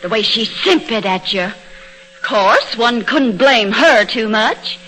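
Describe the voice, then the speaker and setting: A touchy, indignant young wife. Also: female voice, fairly high pitch, expressive, slow, a bit bright, heavily acted, rough recording. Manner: tearful, indignant and jealous. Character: young wife, touchy proud home cook. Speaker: actress. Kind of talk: 1930s radio comedy acting.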